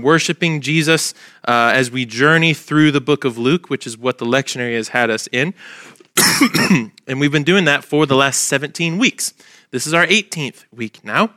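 A male pastor preaching a sermon, his voice nasal and stuffy from allergies, pausing often with fillers. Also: fairly high pitch, pushed and bright, dry recording, studio quality. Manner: halting, with frequent "uh" fillers.

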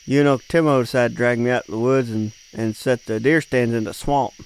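A man's voice: mid-range voice, fairly even intonation, brisk, a little hiss or hum, low-quality recording. A young man chatting casually with his father, dropping dry, wry remarks. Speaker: co-host, son. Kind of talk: casual chat.

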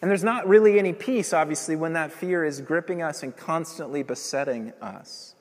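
A man's voice: fairly high pitch, moderate pace, in a large hall. A man preaching a sermon in earnest, emphatic tones, building through rhetorical questions.

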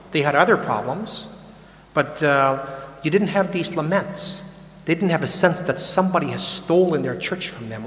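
An older male priest delivers a conversational sermon in a casual, frank, offhand manner, repeating words and mocking complaints. His voice is a little high with a fairly bright tone, carried by the long reverb of a big hall.

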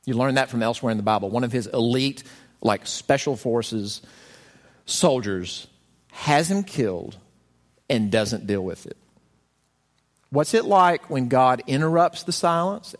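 There's a long reverb tail on this man's medium-pitched voice as he preaches. The pastor keeps his sermon conversational, telling stories with feeling and voicing quotations dramatically.

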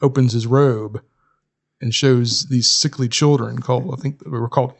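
A man with a mid-pitched voice, chatting casually as a guest on a film podcast. He is easygoing and laughs often. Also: steady tone, normal speed, creaky. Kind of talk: casual chat.

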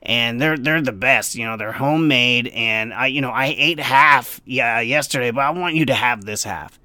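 A man's voice: mid-range voice, normal speed, bright, forceful tone, no room sound. Man playing a pushy woman diner: rude, demanding, rambles on. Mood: insistent.

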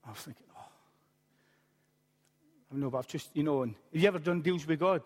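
Pastor preaching in a reverberant hall. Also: male voice, on the high side, brisk. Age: late 40s. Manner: animated storytelling with humorous asides. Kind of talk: sermon.

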